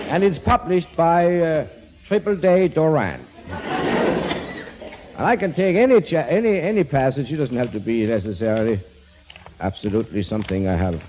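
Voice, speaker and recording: A man's voice: a little high, animated, unhurried, long pauses. Guy doing a goofy reading bit on an old lo-fi radio show, voice bouncing all over, hiss behind him. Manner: playful, swapping numbers into words, chuckling. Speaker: comedian and pianist. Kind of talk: comic monologue reading. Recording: dull lo-fi old radio recording, noisy.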